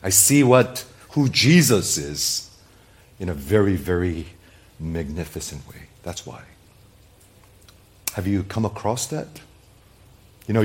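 A man preaching a sermon as pastor, swinging between soft, quiet asides and loud, emphatic bursts, repeating key words for emphasis. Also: fairly low pitch.

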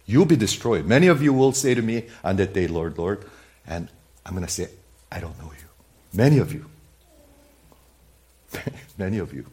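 A man preaching a sermon in a church, talking straight to the congregation and swinging from loud emphasis to hushed, near-whispered asides. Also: on the low side, lively intonation, moderate pace, long pauses. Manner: conversational, speaks straight to the congregation with questions. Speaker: pastor.

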